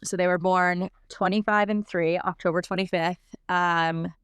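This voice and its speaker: Young woman with a smooth, lowish voice. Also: dry recording, studio quality. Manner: rapid, animated retelling full of "like" fillers. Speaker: podcast guest. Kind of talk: casual storytelling.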